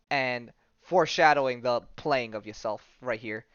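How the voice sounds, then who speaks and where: A man's voice: mid-range voice, normal speed, fairly bright tone, clean tone, no room sound, lo-fi sound. A man hosting a podcast, casually retelling a comic story with loose jokes and lots of fillers. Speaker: podcast host. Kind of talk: casual comic-book recap.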